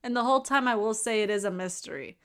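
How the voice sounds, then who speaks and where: A woman's voice: a little high, fast talker, fairly bright tone, clean tone. A woman co-hosting a casual movie review, teasing and jumping in with banter. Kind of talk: casual chat.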